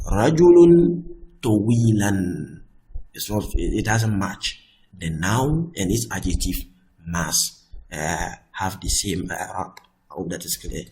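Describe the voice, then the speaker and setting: Man, grammar teacher, lowish voice, patient, step by step, recorded lesson. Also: rough recording. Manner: repeats "I hope that is clear", explains patiently step by step; slips between English and Arabic example sentences.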